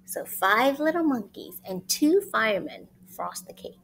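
Female storyteller, children's read-aloud, bright high voice with big swings in pitch. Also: a little slow, creaky, slight background noise. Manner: expressive, sing-song, speaks to young listeners. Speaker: storyteller reading a picture book to children.

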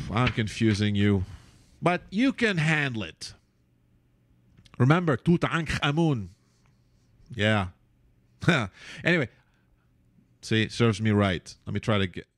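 Playful male teacher, slow and lively, dry close sound. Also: no echo. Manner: playful, self-mocking, lively pitch. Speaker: Arabic calligraphy teacher. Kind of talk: relaxed teaching with asides.

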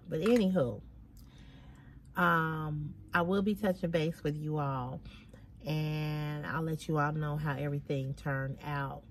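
A middle-aged woman with a low voice chats straight to her viewers in a casual vlog. She sounds worn out, lets out heavy sighs and keeps repeating herself for emphasis. A faint ambient hum sits behind her. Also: steady tone, slow pace. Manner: weary, venting, with frequent heavy sighs. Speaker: fashion vlogger. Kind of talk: casual chat to camera.

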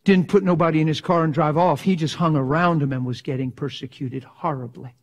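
A male pastor preaching an impassioned sermon in a folksy way, dropping from loud cries to hushed whispers. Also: on the high side, fairly even intonation, fairly quick. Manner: folksy, drops into slang like "ain't".

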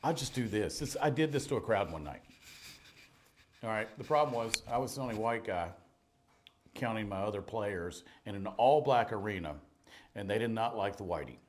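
A middle-aged man preaching a sermon, telling stories in an animated way, swinging between loud and hushed. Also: lowish voice, moderate pace. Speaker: pastor. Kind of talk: storytelling sermon.

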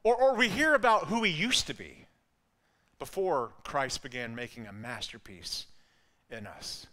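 Man, Alabama accent, preaching, bright slightly high voice, earnest. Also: expressive, a little slow. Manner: earnest, repeats words when building a point. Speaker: pastor. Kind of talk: sermon.

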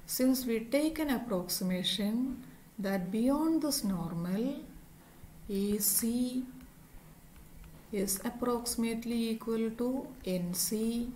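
A woman's voice: fairly high pitch, a little mellow, a little hiss or hum, rough recording. A woman teaching physics, explaining a derivation step by step and spelling out each term and symbol. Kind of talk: slow, step-by-step lecture.

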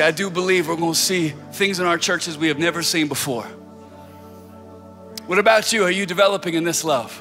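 A man preaching a sermon as a pastor, telling stories casually, then building to loud, fervent prayer. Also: high voice. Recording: music and long hall reverb.

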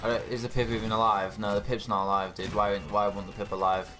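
A man's voice: on the low side, level tone, fast. A man giving angry, profanity-laden gameplay commentary as a YouTuber. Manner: angry, swearing, exasperated. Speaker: gaming YouTuber.

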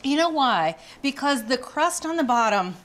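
Lively enthusiastic woman cooking host. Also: high voice, moderate pace. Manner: enthusiastic, chatty. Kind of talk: casual kitchen chat and recipe recap. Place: test kitchen studio.

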